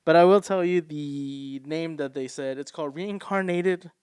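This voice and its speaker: A man's voice: on the high side, normal speed, a little mellow, clear, resonant tone, dry recording, studio quality. Curious man asking questions on a podcast. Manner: curious, asks questions, laughs often. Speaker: podcast co-host. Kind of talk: casual chat about anime news.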